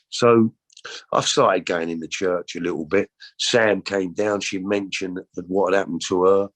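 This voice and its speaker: Middle-aged man, low-pitched, earnest personal testimony that rambles and restarts. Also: moderate pace. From London. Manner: rambling and earnest, many restarts and repeated words. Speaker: show host telling his life story.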